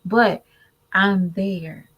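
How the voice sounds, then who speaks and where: A woman's voice: mid-range voice, extremely slow, slightly rough, highs cut off. A woman giving candid, preachy commentary to her viewers in a casual vlog. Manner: candid, preachy, animated mimicry. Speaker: vlogger.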